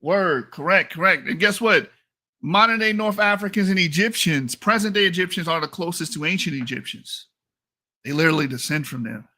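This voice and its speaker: An American online commentator with a high, pushed and bright voice rants heatedly and profanely into a mic at a fairly quick pace. He repeats points for emphasis and laughs at his own jokes.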